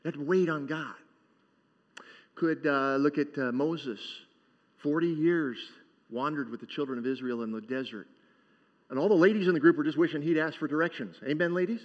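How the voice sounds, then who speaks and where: A man with a fairly high voice preaches a sermon in a loose, joking style and keeps checking in with the congregation. The sound is dull and muffled. A long reverb rings around his words, as in a large church. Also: normal speed. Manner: conversational and joking, asks the congregation for responses. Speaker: pastor.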